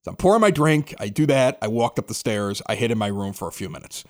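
A man hosting a podcast, telling stories in an excitable, animated way and acting out both sides of conversations. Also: lowish voice, fast talker. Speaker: podcast host. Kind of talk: casual storytelling chat.

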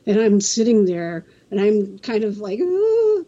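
A woman from California's Central Coast, a guest telling a story in a casual, halting way, often restarting and acting out the quotes. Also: medium pitch, fairly even intonation, warm tone, dull audio. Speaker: interview guest.

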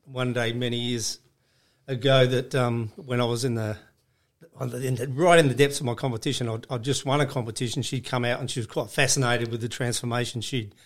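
A man with a mid-pitched voice, a guest on a podcast. He tells stories in a plain, easygoing way and laughs easily between phrases. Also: steady tone, fairly quick. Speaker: guest, bodybuilding judge. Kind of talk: casual podcast interview.

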